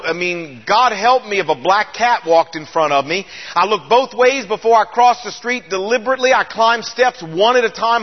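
A man telling his life story in a sermon, with a folksy, self-deprecating storytelling manner that speaks straight to his audience. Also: high-pitched. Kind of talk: testimony sermon. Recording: dull lo-fi recording in a reverberant hall.

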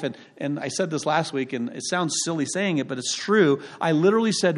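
A man's voice: on the high side, lively intonation, a little fast, few pauses. A man preaching a sermon as pastor in a church, emphatic and throwing rhetorical questions to the congregation.

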